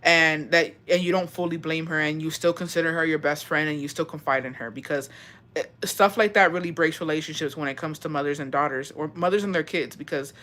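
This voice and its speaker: A Texas woman in her twenties hosts a casual chat, reading viewer stories and reacting emotionally while swearing freely. Her voice sits low with a steady, fairly bright tone, and she talks briskly.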